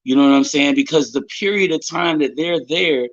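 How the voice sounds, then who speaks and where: A man hosting a casual live-stream chat, talking in an animated, emphatic way and swearing often. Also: fairly high pitch, moderate pace, muffled recording. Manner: animated, profane, emphatic storytelling. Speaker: host.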